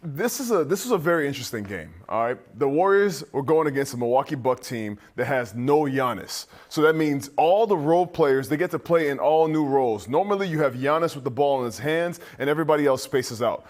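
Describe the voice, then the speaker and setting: A man's voice: a little high, animated, brisk, few pauses. A former player turned basketball analyst, a man giving a loose, conversational game breakdown on a postgame show.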